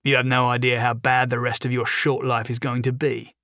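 A man's voice: mid-range voice, flat delivery, brisk, fairly bright tone, no room sound, studio quality, lightly acted. A man voicing a hot-tempered, gloating young male crime lord who blusters angrily in a storybook reading. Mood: contemptuous. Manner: blustering, angry.

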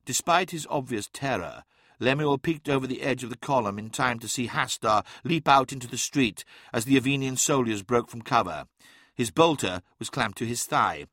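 Man, audiobook narrator, steady dramatic reading, bright crisp voice, dry close recording. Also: mid-range voice, dry recording.

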